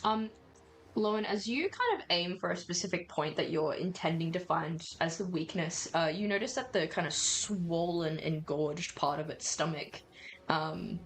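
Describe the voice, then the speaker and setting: A woman narrating as game master in a tabletop role-playing stream, in a relaxed, chatty way, laughing often. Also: on the low side, moderate pace, rough recording.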